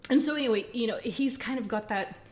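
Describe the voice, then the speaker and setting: A woman co-hosting a podcast in casual chat, chatty and quick to laugh as she runs through details. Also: a little high, a little mellow. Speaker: podcast co-host.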